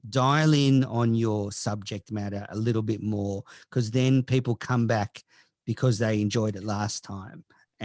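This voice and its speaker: A man's voice: medium pitch, darkish tone, dry recording, clean studio sound. A man hosting a podcast in casual chat, giving mock-serious advice and reading listener questions. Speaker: podcast host.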